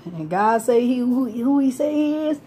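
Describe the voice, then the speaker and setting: A woman with a mellow, dark tone tells her story in a loose, rambling way. She laughs often, swears freely and keeps circling back on herself. A faint hum of background noise sits behind her voice. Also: a little high, lively intonation, moderate pace. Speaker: homeless person telling her story. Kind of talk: casual rambling street talk.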